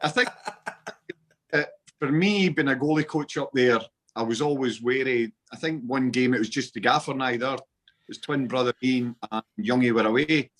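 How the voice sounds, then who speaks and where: Scottish guy in his 40s, podcast guest, rambling football stories, ordinary mid pitch. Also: moderate pace, a bit bright. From Scotland. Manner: chatty storytelling with local slang. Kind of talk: casual chat.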